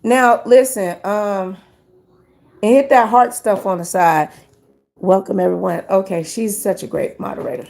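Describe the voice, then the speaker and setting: A woman hosting a casual live stream, chatting with her viewers as "y'all" and reading numbers out slowly. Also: mid-range voice, steady tone, vocal fry, darkish tone.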